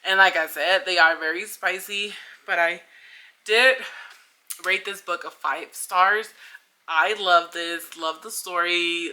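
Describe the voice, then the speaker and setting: A woman's voice: lowish voice, pushed and bright. A young woman in a casual book review vlog, chatty and gushing, with lots of filler words. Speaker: book vlogger.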